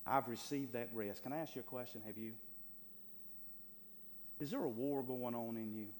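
A male pastor preaching a sermon with fervor, swinging between loud, stretched lines and hushed asides. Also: mid-range voice, normal speed. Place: church sanctuary. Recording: long hall reverb, faint hum.

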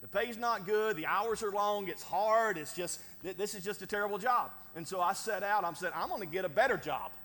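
A man's voice: high voice, normal speed, hardly any pauses, pushed and bright. A man preaching a sermon as pastor, conversational and folksy, with frequent "right?" asides and chuckles. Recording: long hall reverb.

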